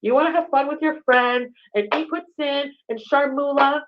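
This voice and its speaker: A woman rants furiously into her livestream, cursing and firing accusations at a man who is not there. Her voice sits a little high. The sound is muffled and lo-fi, like a captured stream. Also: moderate pace, a little hiss or hum. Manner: swearing, raging, addressing an absent man. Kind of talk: angry livestream rant.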